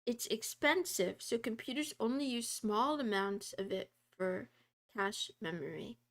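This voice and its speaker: A woman with a high, light voice talks to her stream chat at an unhurried pace. She giggles often, reads study notes aloud, and slips into soft, quiet meowing between lines. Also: lively intonation.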